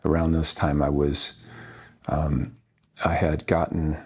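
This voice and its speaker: Husky deep-voiced guy in his 50s, actor on an interview, earnest, pauses a lot. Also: flat delivery. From Washington State, USA. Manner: halting, earnest, with many pauses. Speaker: actor guest. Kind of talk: reflective interview storytelling.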